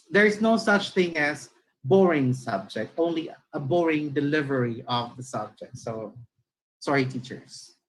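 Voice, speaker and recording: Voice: medium pitch, a bit bright, rough recording. A teacher with a Filipino accent giving a lecture-style talk on literacy, explaining points and checking in with listeners. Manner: demonstrates intonation by reading lines aloud.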